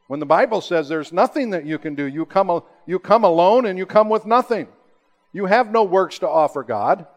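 A man preaching a sermon, rising to emphatic high peaks and then dropping to slow, hushed, low lines. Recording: long hall reverb.

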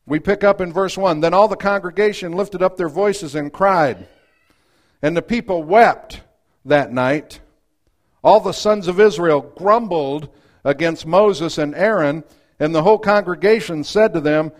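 A man with a high voice preaching a sermon. He reads scripture aloud and acts out the voices in it. He swings from loud, rising outbursts to quiet, hushed asides. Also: a little slow.

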